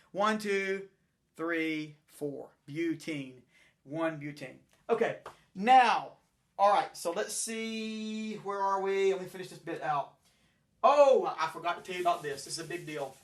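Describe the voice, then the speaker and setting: A man's voice: on the high side, fairly bright tone. Rambling male chemistry teacher. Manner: rambling, self-correcting, talks while building models. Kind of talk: classroom lecture with chalkboard and models.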